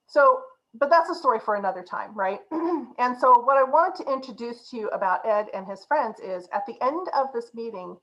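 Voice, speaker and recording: A woman coach tells a story to a group in an animated, lively way, laughing as she talks. Her voice sits a little high. The recording is muffled and lo-fi. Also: normal speed, hardly any pauses. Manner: animated, laughs while telling. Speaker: agile coach.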